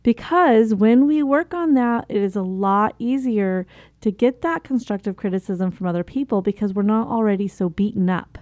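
A woman's voice: medium pitch, lively intonation, normal speed, darkish tone, dry recording. A woman hosting a casual self-help talk who coaches listeners, laughs at herself between remarks and admits to her own struggles. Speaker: host giving self-help advice.

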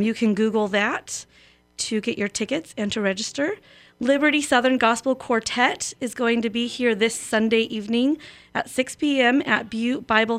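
A woman's voice: on the high side, fairly bright tone. A woman radio host reading a poem aloud and then giving community announcements in a chatty, lightly joking way.

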